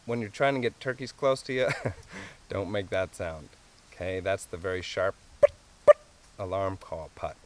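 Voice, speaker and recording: A man with a fairly low voice walks listeners through a hands-on calling tutorial. His explanations are relaxed and homespun, and small chuckles break in often. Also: measured pace, long pauses, dry recording. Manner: easygoing, chuckles often, plain folksy explanations. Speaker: wildlife calling instructor.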